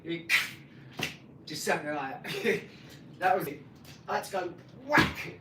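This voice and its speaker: A man, rambling casually about his dogs and acting out scenes with lively energy. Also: fairly high pitch, slow, distant mic. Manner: chatty, animated when acting out scenes. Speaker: vlogger. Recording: echoey room, voice off-mic, noisy.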